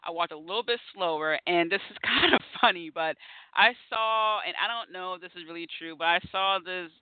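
A man's voice: sits high, a little fast, smooth, dry recording. A man hosting a casual conversation, telling stories animatedly and acting out his own reactions. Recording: tinny phone-like line.

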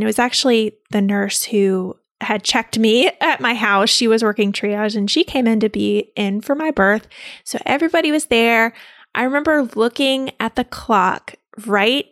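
A young woman who works as a labor and delivery nurse tells the story of her own birth in a heartfelt, excitable way. Her voice sits a little high. The sound is dry and close. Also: no echo. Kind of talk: personal birth story told to an audience.

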